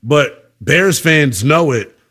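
A male sports talk host who argues his points with loud conviction and loose, slangy phrasing. His voice sits a bit high for a man. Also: animated, takes it slowly, breathy edge. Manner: passionate, emphatic, colloquial. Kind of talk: opinionated sports talk show.

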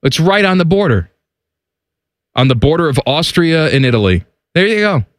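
A man's voice: a little high, big pitch swings, normal speed, no echo, studio quality. A man hosting a sports talk radio show, chatting and teasing his co-host. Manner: playful, teasing, slips into a mock German accent. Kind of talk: casual chat.

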